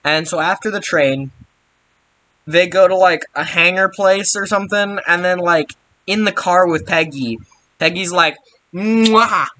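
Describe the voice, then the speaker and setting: A man's voice: sits high, measured pace, pushed and bright. A young man giving a rambling, sarcastic casual recap of a film, full of filler words. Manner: rambling, sarcastic, frequent mild swearing substitutes. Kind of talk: casual comedic movie recap.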